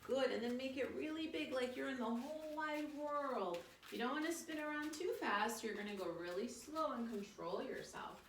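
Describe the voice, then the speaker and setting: A woman's voice: sits high, normal speed, hardly any pauses. A woman leading a children's yoga storytime, playful and encouraging as she guides a child through poses. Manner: encouraging, playful, upbeat with kids. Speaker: kids yoga teacher and storyteller. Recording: echoey room, distant mic, faint background noise.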